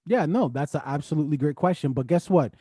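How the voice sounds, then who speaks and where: A man co-hosting a casual podcast, talking in an animated way and rising into excited outbursts. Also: a little high, fast, breathy edge, no echo, studio quality. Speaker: podcast co-host.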